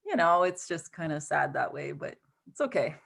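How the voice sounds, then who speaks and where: A woman's voice: sits low, sing-song, moderate pace, creaky, fairly bright tone, breathy edge. A middle-aged woman filmmaker speaking animatedly in a Q&A over a video call, laughing often and acting out quotes. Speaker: filmmaker and guest.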